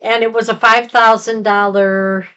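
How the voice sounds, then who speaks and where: A woman's voice: fairly high pitch, little pitch movement, a little slow, a bit bright, smooth, dull audio. Rambling woman recapping a film. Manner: rambling plot recap with fillers. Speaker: podcast co-host. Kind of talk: casual movie review chat.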